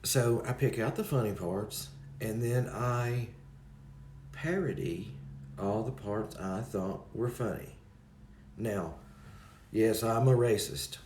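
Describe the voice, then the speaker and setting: A man's voice: on the low side, takes it slowly, background noise. Rambling man in a roomy space. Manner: rambling, addresses chat by name. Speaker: livestream host. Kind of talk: casual chat with viewers.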